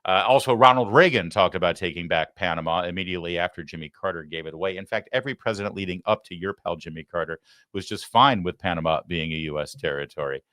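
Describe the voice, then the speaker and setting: A man hosting a political commentary show, heated and sarcastic, swinging from loud outbursts to low muttering. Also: fast talker, no echo, studio quality. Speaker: host.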